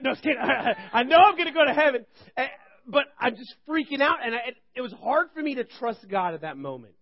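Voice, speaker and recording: A man in his thirties preaching to a church group, telling funny stories in an animated, rambling way. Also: extremely high pitch, fast talker. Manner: animated, joking, rambling with restarts. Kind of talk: humorous sermon storytelling. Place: church service. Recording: dull lo-fi recording.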